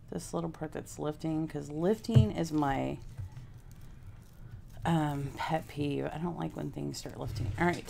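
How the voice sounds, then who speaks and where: Thinking aloud over a craft project, a Houston, Texas woman talks casually with her livestream audience as a craft vlogger. She has a low, gravelly, darkish voice, and a slight hiss or hum runs underneath.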